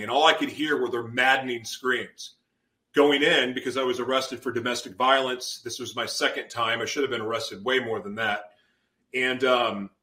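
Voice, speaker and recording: Man, bright forceful voice, intense personal testimony, storytelling guest. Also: medium pitch. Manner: intense, storytelling, acts out his own past outbursts. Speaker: podcast guest.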